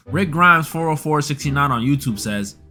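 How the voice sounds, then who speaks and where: A man with a bright, fairly high voice plays up chat questions in a comedy video, swinging his pitch all over the place. He sounds playful and mock-earnest throughout. Faint music runs underneath. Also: animated, moderate pace. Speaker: YouTuber answering chat questions. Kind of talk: comedic would-you-rather video.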